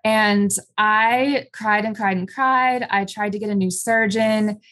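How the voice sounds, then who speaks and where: A woman's voice: medium pitch, fairly even intonation, slow, fairly bright tone. A woman guest in an interview, candidly and plainly recounting a personal experience, with frequent ums. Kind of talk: personal storytelling.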